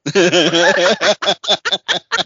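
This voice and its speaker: A man co-hosting a podcast who talks in a loose, teasing way and laughs a lot. His voice sits at an ordinary pitch. The sound is dull and dry, with no room around it. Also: fairly even intonation, drawn-out words, bright, forceful tone, breathy edge, no room sound. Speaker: podcast co-host. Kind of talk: casual chat.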